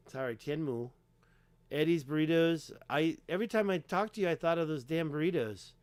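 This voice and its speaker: A man's voice: on the high side, smooth, dry recording. A man hosting a casual livestream, talking emphatically and rambling with lots of fillers while clicking through pages. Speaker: livestream host.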